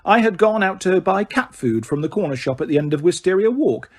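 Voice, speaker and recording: A man's voice: high voice, animated, brisk, slightly rough, pitched above the performer's own voice, exaggerated voice. A man voicing a nervous, quavery elderly woman giving witness, gabbling her words.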